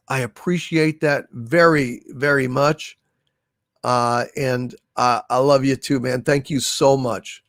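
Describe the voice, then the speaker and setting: A man hosting a livestream, slowly reading out viewers' messages and thanking them, with many fillers and restarts. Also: medium pitch, steady tone, a bit bright, no room sound, clean studio sound. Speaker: livestream host reading super chats. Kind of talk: casual livestream chat.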